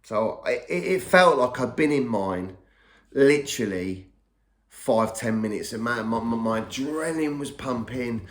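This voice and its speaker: A man's voice: mid-range voice, lively intonation, measured pace. A middle-aged man telling his own story in a casual, rambling way, often repeating and restarting words. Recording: echoey room.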